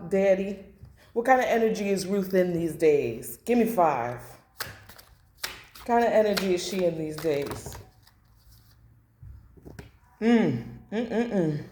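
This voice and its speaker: A woman's voice: medium pitch, animated, a little slow, background noise. A woman doing a blunt, emotional tarot reading to camera, repeating phrases and swearing. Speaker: tarot reader. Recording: echoey room.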